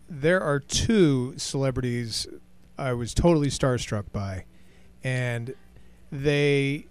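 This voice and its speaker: A man co-hosting a casual chat, telling stories in an animated way and acting out his own starstruck reactions. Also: medium pitch, clean tone. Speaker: radio show co-host.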